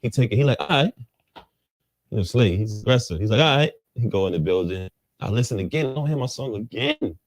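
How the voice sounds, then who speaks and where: This interview guest is a fast talker who hardly pauses, his voice a little mellow with no room sound. He tells his story animatedly in street slang, acting out people's lines with jumps in pitch.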